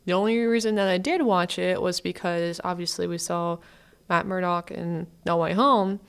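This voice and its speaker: Woman podcast host, student, casual fan chatter, smooth and clean tone. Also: lowish voice, steady tone, normal speed. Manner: chatty, gushing, heavy use of "like".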